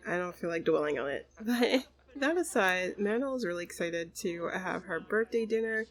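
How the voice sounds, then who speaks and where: A woman's voice: on the low side, lively intonation, moderate pace, poor audio. A woman hosting a let's play, narrating a life sim game in a chatty, exasperated way.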